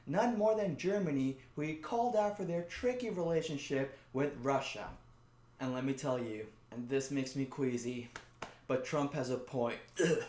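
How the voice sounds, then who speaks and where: A man hosting a satirical late-night news monologue, sarcastic and punchy, with quick asides. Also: a little high, darkish tone, echoey room. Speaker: comedy show host.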